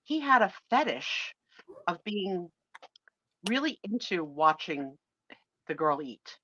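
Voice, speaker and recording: A middle-aged woman co-hosting a live stream tells a dating story in casual chat, animatedly acting out the voices of the people involved. She speaks slowly in a fairly low voice, and the stream audio is dull and lo-fi.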